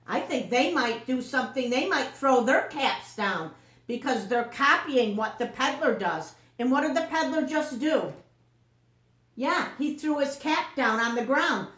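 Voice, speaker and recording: Slow, echoey storytime teacher woman. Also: sits high, a bit bright. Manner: slow, questioning storytime delivery. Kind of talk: reading a picture book aloud to children.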